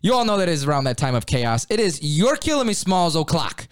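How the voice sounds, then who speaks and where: A man hosting a sports talk show in a studio, upbeat and quick to laugh. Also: a little high, big pitch swings, smooth, no room sound. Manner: upbeat, laughs between lines. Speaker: host.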